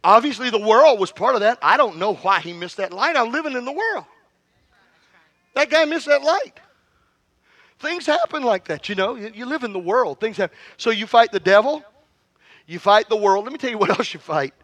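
Male pastor, middle-aged, fervent sermon, call-and-response, high-pitched, dry close sound. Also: lively intonation, fairly quick, a bit bright, no room sound. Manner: storytelling, joking with the congregation.

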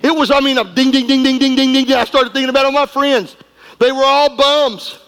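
A middle-aged man preaching a sermon, folksy and emphatic, going from quiet asides to shouting. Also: very high voice, fairly even intonation, a little fast, a faint crowd, low-quality recording. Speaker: pastor.

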